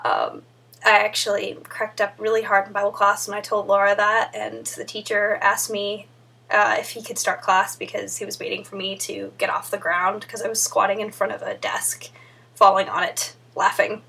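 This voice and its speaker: A woman's voice: medium pitch, flat delivery, moderate pace, creaky, bright, forceful tone, slightly rough, recorded from a distance. A young woman vlogging in a chatty way, answering friends one by one by name. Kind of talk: casual vlog chat.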